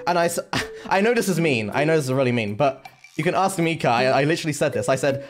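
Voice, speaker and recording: A man's voice: fairly high pitch, quick pace. A young man streaming, telling a story casually with lots of swearing and restarts. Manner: animated, heavy swearing, lots of fillers and restarts. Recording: music playing behind.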